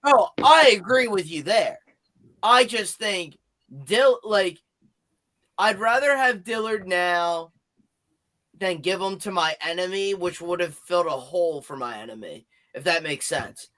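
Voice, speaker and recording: High-voiced argumentative podcast guy. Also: lively intonation, a little slow, rough recording. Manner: emphatic, argues back loudly. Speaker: podcast co-host. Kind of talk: casual sports podcast chat.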